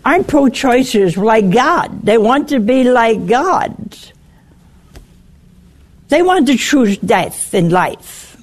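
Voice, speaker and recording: Slow, emphatic woman preaching a sermon. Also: fairly high pitch, expressive, a little mellow.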